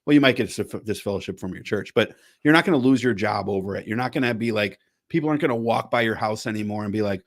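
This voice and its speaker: A man hosting a podcast in casual chat, rambling and restarting his phrases as he thinks out loud. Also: fairly low pitch, fast, hardly any pauses. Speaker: podcast host.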